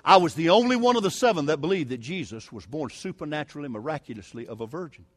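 A preacher tells a story from the pulpit, his voice fairly high for a man. He is emphatic and folksy, leaning into key words with a touch of humor. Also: lively intonation, fast, no room sound. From Southern United States. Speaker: evangelist preacher. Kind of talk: sermon storytelling.

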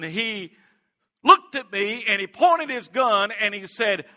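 A middle-aged man preaching a sermon as pastor, moving from earnest prayer to lively, animated storytelling. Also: high voice, takes it slowly. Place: church sanctuary. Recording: long hall reverb.

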